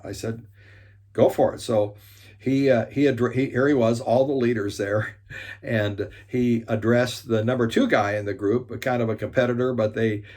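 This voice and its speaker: A man in the middle of a spoken talk, telling a story and acting out the quoted dialogue with animated energy. His pitch sits in an ordinary middle range, and he often stumbles into restarts and fillers as he goes. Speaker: speaker and leadership teacher.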